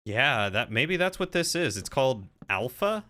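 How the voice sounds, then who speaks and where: A man's voice: mid-range voice, very animated, normal speed, pushed and bright. A man chatting casually on a stream with a friend in a friendly, joking way. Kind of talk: casual chat.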